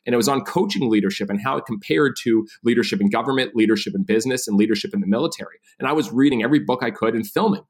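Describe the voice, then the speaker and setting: Fast-talking man telling his story. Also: medium pitch. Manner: animated, acts out quoted dialogue. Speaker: guest. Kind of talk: casual interview storytelling.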